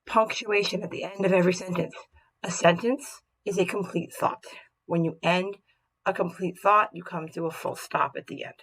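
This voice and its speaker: A woman teacher gives a recorded grammar lesson, upbeat, tagging statements with "right?" and acting out example sentences expressively. Her voice is lowish, a bit bright and slightly rough, with fairly even intonation at a moderate pace, and the recording quality is low.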